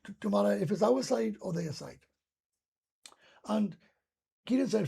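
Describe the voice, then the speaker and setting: A man's voice: high voice, expressive, normal speed, vocal fry, mellow, husky. A Welsh man from Wales doing a casual live stream chat, rambling and ranting with heavy swearing.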